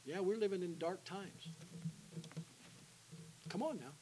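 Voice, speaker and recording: A man's voice: high-pitched, animated, takes it slowly, slight background noise, rough recording. Preacher man, call-and-response sermon. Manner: call-and-response with the congregation, alternating loud and hushed. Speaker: guest preacher. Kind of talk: evangelistic sermon. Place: church sanctuary.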